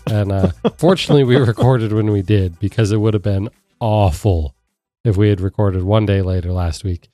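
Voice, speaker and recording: A man hosting and producing a tech podcast, a little nasal from a cold, chatty and quick to laugh. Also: on the low side, mellow, dry recording, faint music behind. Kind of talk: casual podcast chat.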